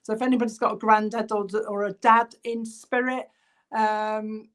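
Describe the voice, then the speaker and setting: A woman's voice: fairly high pitch, level tone, moderate pace. A woman, working as a spiritualist medium and chatting through spirit messages while reading live comments during an online church service.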